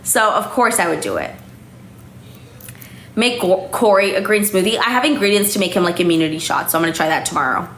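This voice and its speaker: A woman's voice: medium pitch, lively intonation, brisk, a bit bright. Chatty young woman, tipsy, echoey room. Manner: chatty, lots of "like", swears freely. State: a little tipsy. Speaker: livestream host. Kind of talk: casual live-stream chat. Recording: echoey room, faint noise.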